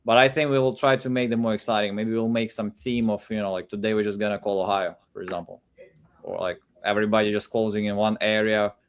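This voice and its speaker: A man's voice: fairly low pitch, little pitch movement, quick pace, clear, resonant tone. A man co-hosting a live stream in casual chat, thinking aloud in a loose, rambling way. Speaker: co-host of a live real estate stream.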